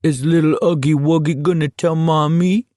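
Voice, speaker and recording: A man's voice: on the high side, steady tone, normal speed, dark tone, dry recording, studio quality, voice pushed up, lightly acted. A man voicing a jeering teenage boy who taunts in a mocking sing-song in an audiobook. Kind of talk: audiobook character voice.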